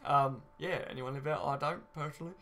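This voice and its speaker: A man's voice: mid-range voice, fairly quick, pushed and bright. A man hosting a casual live stream, chatting and reading out viewer comments with easy banter. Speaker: fan channel host.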